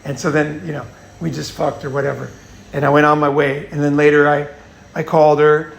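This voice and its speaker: A man's voice: a little high, little pitch movement, a little fast, gravelly, echoey room, a little hiss or hum. A man hosting a casual advice monologue, blunt and profane, often restarting and repeating himself. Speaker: host.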